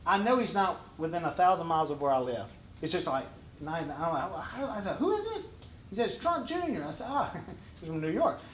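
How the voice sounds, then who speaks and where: A middle-aged man spins funny stories at an event, his voice pitched high and lively with laughter. He acts out each person in the tale with animated flair. The recording carries a roomy hall echo and a clear wash of room noise. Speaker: guest speaker. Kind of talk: comic storytelling on stage.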